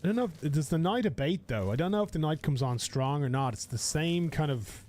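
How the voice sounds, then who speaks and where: A man's voice: on the high side, expressive, brisk, a little mellow. A man live-streaming a survival game, chatting to viewers in a rambling, casual way and swearing freely.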